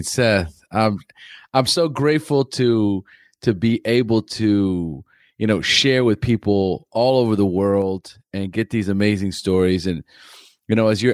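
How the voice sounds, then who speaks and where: A man's voice: on the low side, clear, resonant tone, dry recording, studio quality. A middle-aged man hosting a podcast, talking earnestly and relating his own experience to his guest's. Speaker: podcast host. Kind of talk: casual conversation.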